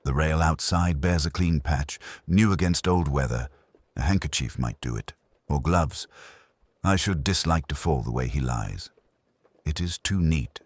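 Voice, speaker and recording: A man's voice: extremely low pitch, unhurried, husky, dry recording, heavily acted. A man voicing an observant old general who speaks in clipped, note-like remarks.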